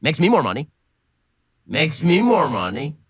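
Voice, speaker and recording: A man's voice: on the high side, wildly swooping pitch, a little slow, slightly rough, no room sound, lo-fi sound. A man giving mocking, sarcastic political commentary. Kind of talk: rapid-fire commentary.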